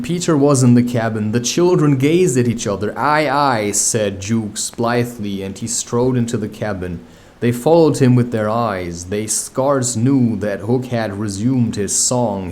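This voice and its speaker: Slow, unhurried male storybook reader. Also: mid-range voice, mellow. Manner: unhurried reading, wry offhand commentary. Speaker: audiobook reader. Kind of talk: reading a novel aloud with casual asides.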